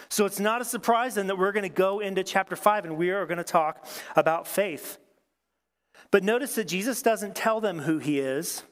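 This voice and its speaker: A male pastor preaching a sermon and reading scripture aloud, talking in a conversational, animated way and putting questions to the congregation. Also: fairly high pitch.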